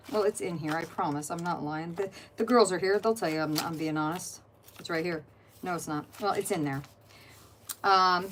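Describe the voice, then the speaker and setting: A woman's voice: on the low side, normal speed, slight background noise. A middle-aged woman hosting an art journaling channel, chatting casually while flipping through her journal and greeting viewers by name.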